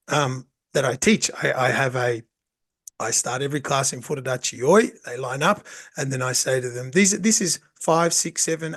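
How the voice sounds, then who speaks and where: A middle-aged man hosts a podcast with a slightly raised voice. He tells stories in animated, casual chat, swearing freely and jumping into other people's voices. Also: fairly high pitch. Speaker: podcast host.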